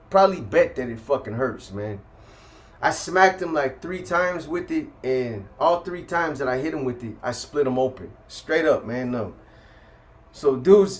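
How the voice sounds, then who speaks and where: A man telling a rough story in casual, profane street slang, reenacting the people in it as he goes. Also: a little high. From California. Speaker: storyteller recounting prison life.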